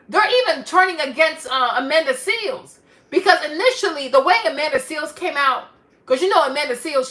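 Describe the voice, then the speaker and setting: A woman vlogger delivering a ranting commentary, animated and emphatic, repeating herself for effect. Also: sits high.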